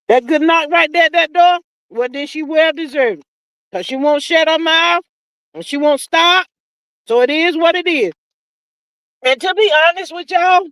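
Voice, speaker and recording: A woman's voice: sits high, a bit bright, no room sound. A woman in her fifties hosting a casual live-stream talk show, chatting and reading viewer comments aloud.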